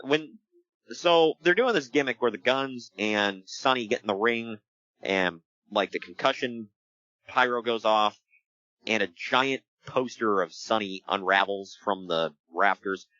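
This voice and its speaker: A man co-hosting a casual podcast, recapping events with jokes and quick put-on voices. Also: fairly low pitch, no room sound. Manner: animated, jokey, does quick voices for quotes. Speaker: podcast co-host recapping wrestling. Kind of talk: casual chat. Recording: dull lo-fi sound.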